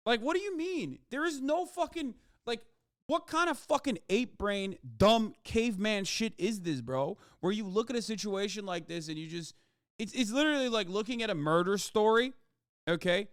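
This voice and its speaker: A male streamer rants with heat and plenty of swearing into a close, dry mic. His voice sits fairly high for a man and comes through smooth and clear. He talks with no room echo at all. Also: expressive, normal speed. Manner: heated, profane ranting. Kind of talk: livestream commentary.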